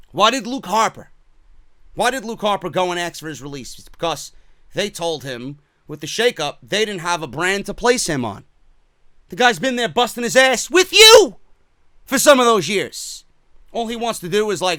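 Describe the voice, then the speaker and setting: A man's voice: high voice, sing-song, moderate pace, bright, forceful tone, dry recording. A man giving heated, profane, sarcastic commentary on wrestling in a vlog. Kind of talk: ranting commentary.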